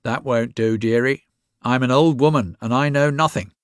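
A man's voice: medium pitch, normal speed, smooth, no echo, studio quality, close to an everyday voice. A man voicing a bent, greedy, cunning middle-aged woman with a wheezy voice in a storybook reading. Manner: leering, wheedling.

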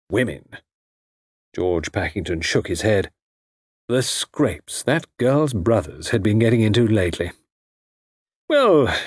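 A man with a low, husky voice reads a story aloud, letting his pitch rise and fall with wry expression. The recording is close and dry, with no room sound. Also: darkish tone, no echo. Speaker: narrator. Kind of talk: audiobook reading.

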